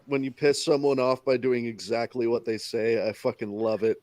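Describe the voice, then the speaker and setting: A man's voice: mid-range voice, little pitch movement, moderate pace, darkish tone, no echo. Wry, swearing military veteran man. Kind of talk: casual podcast chat.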